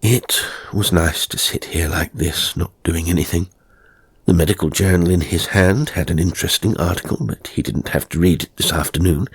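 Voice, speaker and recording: A man reading a horror story in a slow, measured scripted narration, dropping to a hush at times. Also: sits low, vocal fry, breathy edge, dry recording.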